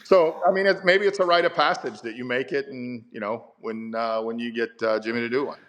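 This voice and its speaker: A man's voice: mid-range voice, fairly quick, fairly bright tone, dull audio. A man in his fifties, a baseball manager, telling stories in a casual interview with rambling, stammering restarts and chuckles.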